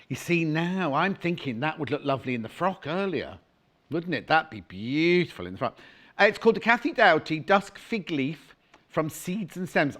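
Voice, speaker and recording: A middle-aged man hosts a live home-shopping show about fabrics. His voice sits a little high and swings widely in pitch as he gushes over each print. He chats freely and drops jokey asides. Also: pushed and bright. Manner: chatty, gushing, jokey asides. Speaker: shopping channel presenter.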